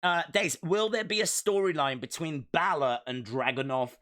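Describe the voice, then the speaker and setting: A man's voice: fairly high pitch, normal speed, sharp tone. A man hosting a live stream and rambling in a jokey way while he answers chat comments. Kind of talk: casual live watch-along chat.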